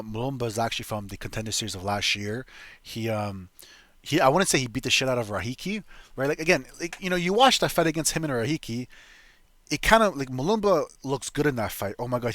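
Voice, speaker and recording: Young male host, blunt and profane, rambling fight analysis, mid pitch, dry close mic. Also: fairly bright tone, no echo. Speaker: MMA fight predictions host. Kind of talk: casual profane fight breakdown.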